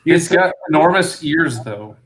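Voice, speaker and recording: A man's voice: on the high side, expressive, measured pace, fairly bright tone. A man in a casual chat over drinks, making dry jokes. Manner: dry joking. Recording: echoey room.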